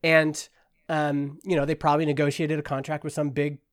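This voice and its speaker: A man who founded a small software company, telling stories as a guest in a casual interview and acting out the people in them. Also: on the high side, fairly quick, smooth, no echo, clean studio sound. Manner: animated, acts out the people in his stories.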